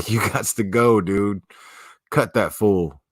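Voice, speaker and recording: A man's voice: lowish voice, slow pace, no room sound, clean studio sound. A man hosting a livestream, chatting casually with viewers in a profane, slangy, laid-back way. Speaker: livestream host.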